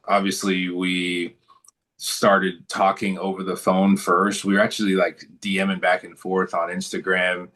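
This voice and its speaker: A man's voice: deep voice, monotone, a little slow, fairly bright tone. A man talking as a guest in a casual interview, telling stories in a laid-back, good-humored way.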